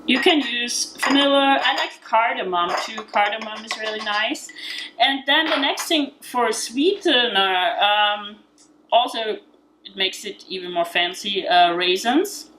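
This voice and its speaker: A woman's voice: fairly high pitch, measured pace, sharp tone, slight background noise, rough recording. A woman with an Austrian accent giving a casual, chatty cooking demonstration in a home kitchen, with many fillers and frequent laughs. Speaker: home cook demonstrating a recipe.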